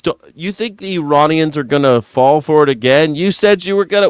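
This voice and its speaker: A man hosting a news reaction show, ranting with sarcastic, profane commentary and yelling at times. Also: fairly high pitch, animated, clean tone, no room sound. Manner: sarcastic, profane, fast-shifting rant; yells at times.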